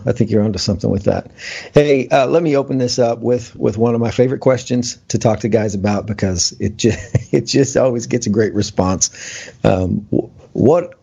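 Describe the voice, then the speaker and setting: A man's voice: lowish voice, creaky, dark tone, husky. A man hosting a casual interview, easygoing and laughing along with his guest. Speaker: host. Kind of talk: conversational interview. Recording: dull lo-fi recording.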